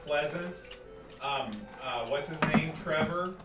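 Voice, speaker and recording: A man's voice: medium pitch, fast. A man co-hosting a live stream, joking playfully in casual chat. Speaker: streamer co-host. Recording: roomy, distant mic, loud music behind.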